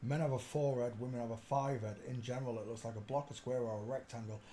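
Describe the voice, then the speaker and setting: A man's voice: mid-range voice, fairly even intonation, quick pace, warm tone. Older man, livestream host, chatty and rambling, mutters and hums while clicking, faint noise behind. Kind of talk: rambling live-stream chat.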